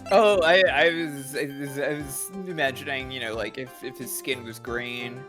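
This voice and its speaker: A woman's voice: very deep voice, steady tone, moderate pace, over music. A woman co-playing a video game on a stream, making brief dry remarks. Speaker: co-player. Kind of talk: casual gaming livestream.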